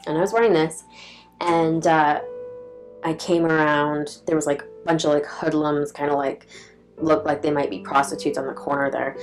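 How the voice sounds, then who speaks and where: Low-voiced young woman rambling thru a story, lots of "like", swears a bunch. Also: steady tone, normal speed, soft background music, rough recording. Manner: rambling, heavy on "like" fillers, blunt with swearing. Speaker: vlogger. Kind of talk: casual personal storytelling.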